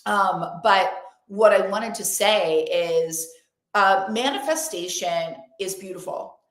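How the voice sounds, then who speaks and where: A woman's voice: mid-range voice, slow, fairly bright tone. Effusive young woman coach, roomy echo. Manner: emphatic, effusive, repeats affirmations. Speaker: motivational coach hosting an online event. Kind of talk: live-streamed motivational talk.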